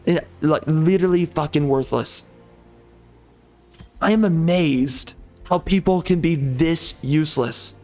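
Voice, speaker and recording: A man running a gaming channel angrily swears his way through gameplay, stuttering and repeating words in an agitated, seething state. He speaks a little slowly with frequent pauses, his slightly high, slightly mellow voice set against faint background music.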